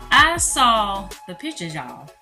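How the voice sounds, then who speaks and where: Animated woman telling a storytime vlog. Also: medium pitch, slow, music in the background. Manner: animated, talks straight to viewers, calls them y'all. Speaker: vlogger.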